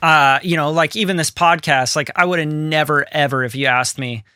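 A man co-hosting a podcast in casual, animated chat, now and then swearing and acting out what other people say. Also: a little high, normal speed, clean tone, no echo, studio quality. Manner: animated, swearing, quotes people in put-on voices. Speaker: podcast co-host. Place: home studio room.

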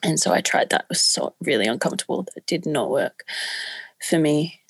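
Candid chatty woman, slightly gravelly. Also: low voice, animated, fairly quick, no echo. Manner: candid, chatty, many fillers. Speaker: podcast guest. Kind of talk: casual storytelling.

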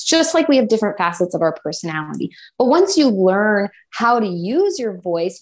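A woman voice coach co-hosting a live online chat. She explains at an easy pace and briefly puts on other voices to illustrate her points. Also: medium pitch. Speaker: voice coach, co-host.

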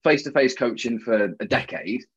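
A man's voice: medium pitch, animated, moderate pace, fairly bright tone, slightly rough, highs cut off. A man co-hosting a podcast, chatting in a teasing, jokey way and often talking over his co-host. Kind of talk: casual banter.

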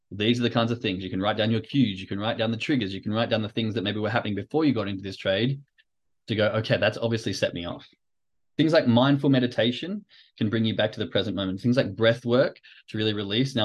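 Loose-talking man hosting a podcast. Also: fairly low pitch. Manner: conversational, loose, with restarts and asides. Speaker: podcast host. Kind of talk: casual educational podcast talk.

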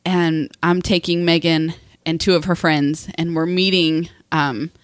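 A woman's voice: sits low, level tone, measured pace, no echo, clean studio sound. A middle-aged woman co-hosting a casual podcast chat, telling family stories and laughing often while she acts out what people said. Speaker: podcast co-host.

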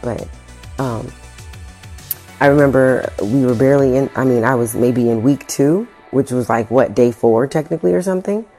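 A woman's voice: extremely low pitch, moderate pace, dark tone, soft background music. A woman vlogging, telling a story in a casual, slangy way with swearing and acted-out quotes.

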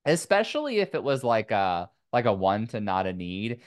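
A man's voice: on the low side, expressive, brisk, hardly any pauses, no room sound. A man from Indiana in a casual conversation, talking in loose, rambling sentences full of "like.". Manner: rambling, many "like" fillers. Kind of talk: casual chat.

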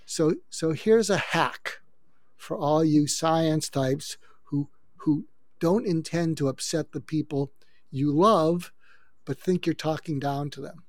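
A man's voice: a little high, slow pace, no room sound. Older man explaining conflict advice, dry sound. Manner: explanatory, coaching tone. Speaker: guest expert on conflict. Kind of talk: advice-giving interview talk.

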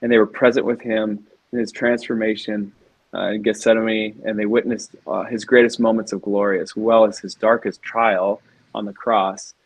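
Guy with a kinda husky low voice rambling through a story, gets emotional. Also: level tone, normal speed, no room sound, poor audio. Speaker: podcast co-host. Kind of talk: casual faith chat.

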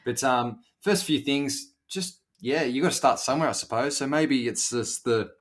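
A man co-hosting a podcast, talking in a relaxed, hesitant way with many fillers. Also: medium pitch, moderate pace. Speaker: podcast co-host. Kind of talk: casual chat.

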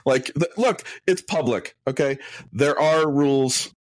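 A man's voice: medium pitch, measured pace, dry recording. Man, co-host, casual chat, opinionated, blunt, dry mic. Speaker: podcast co-host.

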